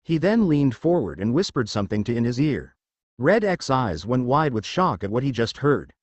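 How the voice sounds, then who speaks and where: A man narrating a fan fiction story aloud in a plain, even storytelling manner. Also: medium pitch, moderate pace, dry recording.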